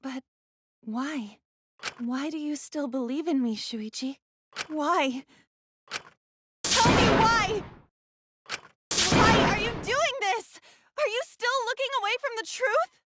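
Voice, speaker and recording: A woman's voice: extremely high pitch, slow pace, long pauses, bright, forceful tone, exaggerated voice. An anguished teenage girl. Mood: desperate. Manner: pleading, emotional. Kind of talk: video game voice acting.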